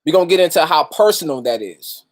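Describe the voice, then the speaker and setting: His voice is a little high, fast, and lively in intonation as he hosts a laid-back livestream. He calls out viewers by name and chats freely, using street slang and plenty of swearing.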